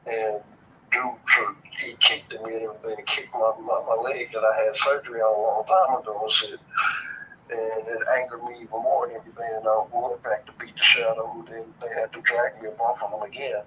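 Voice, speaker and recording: A man's voice: lowish voice, little pitch movement, fairly quick, muffled recording, noisy background. A man calling in, telling a story in a rambling, profane way with many fillers. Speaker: caller. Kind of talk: casual storytelling on a call.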